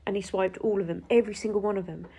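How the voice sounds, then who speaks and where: A woman's voice: mid-range voice, fairly even intonation, racing, warm tone, slightly rough. A woman telling an indignant story to camera, swearing freely and acting out what was said. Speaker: vlogger.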